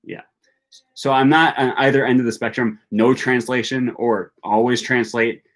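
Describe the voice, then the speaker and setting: A young man chats through a live stream, reading viewer questions aloud and answering off the cuff. His voice sits in an ordinary middle pitch, and he talks with easy, rambling warmth, full of ums and self-corrections. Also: steady tone, moderate pace. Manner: reads viewer questions aloud and answers chattily, many fillers. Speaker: language YouTuber hosting a live stream.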